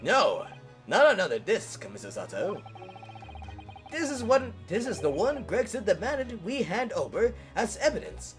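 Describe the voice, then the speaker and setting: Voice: mid-range voice, sing-song, unhurried. A streamer voicing an earnest, flustered young male lawyer, reading game dialogue aloud over faint game music. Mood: puzzled.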